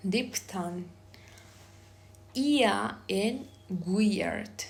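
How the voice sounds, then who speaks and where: A woman with Spanish as her first language leads a very slow, deliberate pronunciation lesson. She sounds out each phoneme carefully, then gives a sample word, at a middle pitch. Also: lively intonation, vocal fry. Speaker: pronunciation teacher.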